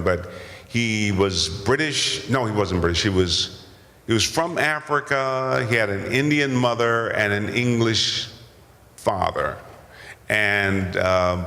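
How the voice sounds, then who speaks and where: An older actor telling stories at a convention Q&A, rambling and self-deprecating with many restarts. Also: male voice, fairly low pitch, a bit bright. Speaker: guest actor. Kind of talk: convention Q&A storytelling. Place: large convention hall. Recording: convention hall with long reverb.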